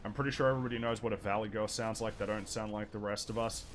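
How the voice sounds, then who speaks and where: A man's voice: lowish voice, fairly even intonation, fast talker, background noise. An Australian man streaming a game, chatting in a rambling, hesitant and wry way. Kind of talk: casual chat while gaming.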